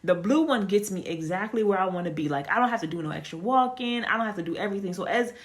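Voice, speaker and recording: A woman giving a casual spoken testimony, telling her story in a chatty, animated way with lots of fillers. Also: medium pitch, quick pace. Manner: animated storytelling, acts out quoted dialogue; chatty with frequent fillers and restarts. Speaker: testimony speaker.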